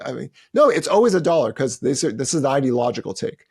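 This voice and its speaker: A man's voice: big pitch swings, quick pace, a little mellow, breathy edge. A man on a podcast, an analyst ranting emphatically and mockingly about a topic he dismisses. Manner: emphatic, mocking, jumps into high-pitched quoted voices. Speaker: lead analyst, podcast regular. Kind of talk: animated podcast rant.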